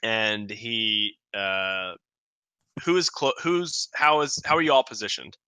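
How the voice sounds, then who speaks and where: A man running a tabletop game as game master, narrating and voicing guards with loose, rambling restarts. His tone is sharp and bright, recorded dry and close with no room sound. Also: on the low side, slow pace, clean tone, no echo.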